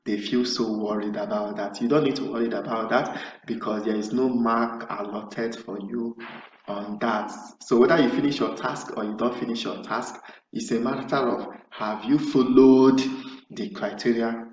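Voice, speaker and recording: A man's voice: medium pitch, fairly even intonation, moderate pace, a little mellow, a little hiss or hum. Man tutoring from a distant, roomy mic. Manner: explanatory, acts out sample nurse-patient dialogue; repeats and restarts phrases. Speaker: OET speaking tutor. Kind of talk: spoken lesson. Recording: roomy, distant, dull sound.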